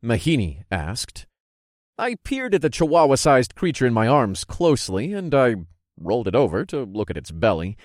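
A man's voice: medium pitch, normal speed, dry recording, clean studio sound. A man reading a first-person fantasy story aloud as an audiobook narrator, telling it expressively. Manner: expressive storytelling, voicing characters' lines.

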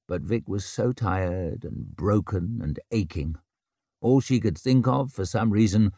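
A man narrates a novel in a measured, unhurried voice that sits on the low side. The recording is dry and close-miked with no room sound. His reading is steady and scripted. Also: no room sound. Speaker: audiobook narrator.

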